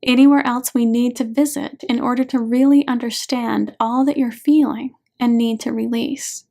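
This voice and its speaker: A woman, an author and hypnotherapist, reading her audiobook in a gentle, measured way. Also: fairly high pitch, fairly even intonation, vocal fry. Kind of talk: audiobook narration.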